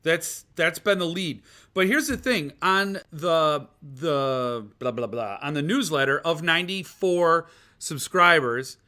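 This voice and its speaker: Bright-voiced, rambling male stream host. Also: a little high, slow. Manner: rambling, reads chat aloud and answers viewers; self-deprecating and jokey. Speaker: podcast host. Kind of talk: casual live-stream chat.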